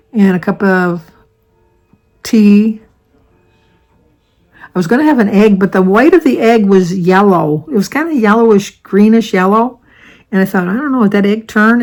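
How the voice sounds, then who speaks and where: A woman's voice: mid-range voice, darkish tone, rough recording. Older woman from the US, casual vlog chat, rambling and self-correcting. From United States. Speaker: vlogger.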